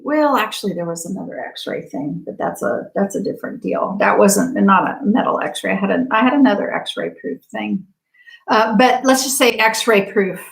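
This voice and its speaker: A woman in a casual storytelling monologue with a voice of middling pitch. She talks in a chatty, animated way, full of fillers, and acts out what others said. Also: low-quality recording. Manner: animated, acts out quoted speech. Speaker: quantum healing practitioner.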